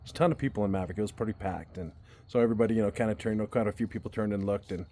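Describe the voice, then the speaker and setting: A vlogger with a lowish, mellow voice races through a personal story for his viewers. He's casual and earnest, frequently restarting and repeating words.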